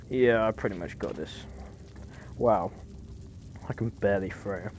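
A man's voice: fairly low pitch, measured pace, darkish tone, a little hiss or hum. A man giving casual, jokey let's-play commentary on a horror game, easily startled and chatty. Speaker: gaming YouTuber.

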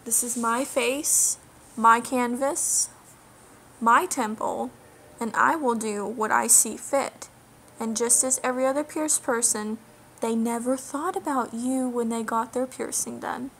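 A young woman with a fairly high voice vents straight into her camera, indignant and lecturing. She hammers her points home by repeating them. A faint hiss of room noise sits under her voice. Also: steady tone, measured pace, a bit bright. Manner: indignant, emphatic, lecturing, repeats key phrases. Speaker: vlogger. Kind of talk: direct-to-camera rant.

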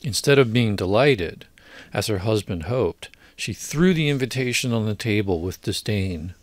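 A man narrates an audiobook in a measured, deliberate way. His voice sits on the low side, and the recording is close and dry with no reverb. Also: expressive. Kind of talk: scripted narration.

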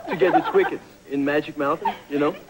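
A man's voice: on the high side, steady tone, quick pace. A man in his twenties from the French West Indies, speaking with a French Caribbean accent as an amused game show contestant telling a story. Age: 20s. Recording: heavy background noise.

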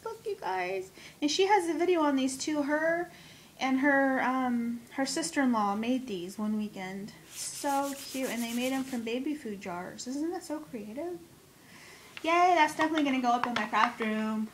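A woman vlogging a casual unboxing of craft gifts, gushing and excitable, with gasps and constant exclamations. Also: sits high, moderate pace. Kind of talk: casual unboxing haul video. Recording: steady background noise.

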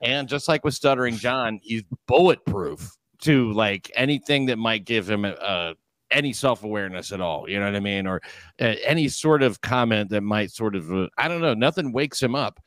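A man's voice: on the low side, normal speed, a bit bright, no echo. A man hosting a podcast, asking curious questions in a chatty way and laughing along. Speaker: podcast host. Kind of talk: casual podcast interview.

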